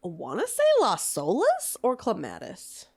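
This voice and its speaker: A young adult woman co-hosting a podcast in casual chat, animated and swearing casually, often laughing. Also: mid-range voice, unhurried, creaky, breathy edge. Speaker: podcast co-host.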